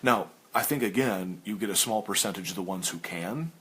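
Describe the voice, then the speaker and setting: A man hosting a casual chat while sketching, ranting with animated stammered restarts. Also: lowish voice, moderate pace, breathy edge.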